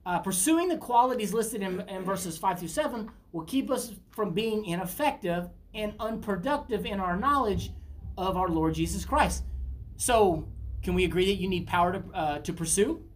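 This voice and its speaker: A woman's voice: medium pitch, lively intonation, moderate pace, slight background noise. A middle-aged woman teaching a Bible study in an earnest, conversational preaching style, often asking her listeners questions.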